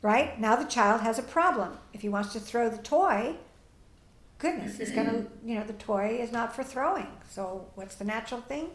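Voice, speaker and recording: A woman with a slightly high voice speaks at a normal pace in a reverberant space. She teaches parents and fields audience questions in a plain, direct way, frequently acting out what parents and children say.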